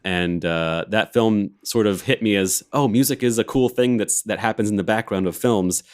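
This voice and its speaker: A man's voice: lowish voice, moderate pace, smooth. A man in his thirties from Alabama with an American accent, chatting about his career in a laid-back, rambling way over a video call, laughing often. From Alabama, USA. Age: 30s. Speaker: organist and film composer, co-host. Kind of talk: casual chat.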